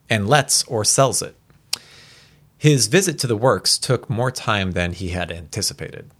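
A man casually reading an old story aloud, re-reading stumbles and adding quick asides. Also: fairly low pitch, fairly bright tone. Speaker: reader.

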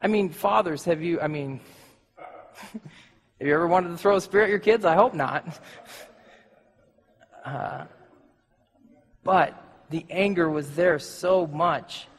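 A man's voice: a little high, takes it slowly, pauses often, long reverb tail. A man preaching a sermon in a casual way, with joking asides, acting out the scenes. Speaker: pastor.

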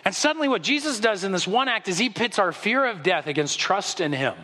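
A high-pitched, bright male pastor delivers an animated sermon, acting out voices as he tells the story. His voice rings with long reverb in a church sanctuary. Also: fairly quick.

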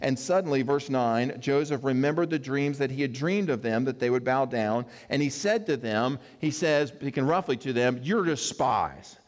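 A pastor giving a sermon, reading scripture and adding conversational, joking asides. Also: male voice, medium pitch, normal speed, few pauses, a little mellow. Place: church sanctuary. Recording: echoey hall reverb.

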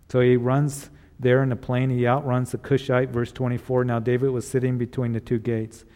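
A man preaching a sermon, reading scripture and retelling it in casual words, then gently encouraging his listeners. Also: medium pitch, big-room sound. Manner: retells scripture in casual paraphrase with acted voices; earnest, encouraging. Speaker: pastor.

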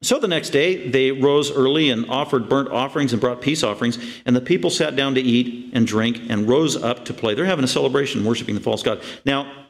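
A man preaching an expository sermon, animated and full of rhetorical questions, reading scripture slowly and with emphasis. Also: medium pitch, vocal fry. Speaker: pastor.

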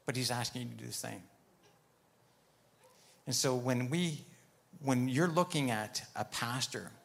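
Male preacher, gravelly, mid-pitched, storytelling sermon delivery. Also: a bit bright. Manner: storytelling with many "I said" asides. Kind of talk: sermon testimony.

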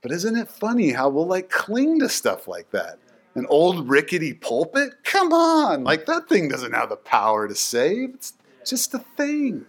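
Male Bible teacher, casual and animated, filler-heavy storytelling. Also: a little high, measured pace.

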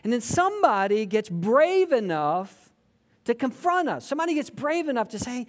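Animated male pastor preaching. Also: very high-pitched, moderate pace. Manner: conversational, animated preaching with acted-out quotes. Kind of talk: sermon.

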